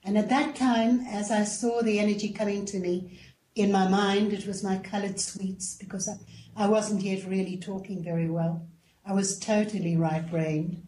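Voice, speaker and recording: An older South African woman in her seventies, speaking as an interview guest in a mellow, darker tone. She tells her stories calmly and gently. The room around her sounds echoey. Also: mid-range voice, normal speed, slight background noise. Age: 70s. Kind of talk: casual interview chat.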